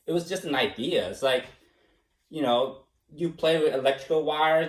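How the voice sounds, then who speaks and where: A man being interviewed, speaking casually, animated and self-mocking, laughing often and slipping into impressions. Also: mid-range voice, normal speed. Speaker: interviewee, former student. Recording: echoey room, mic at a distance.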